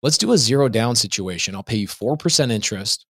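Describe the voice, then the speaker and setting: A man on a podcast as the guest, telling a business story in an emphatic, quick way and acting out what people said. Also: medium pitch, expressive, fairly bright tone, no echo, clean studio sound. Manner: emphatic, fast, acts out quotes. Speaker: podcast guest, real estate investor. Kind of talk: animated interview storytelling.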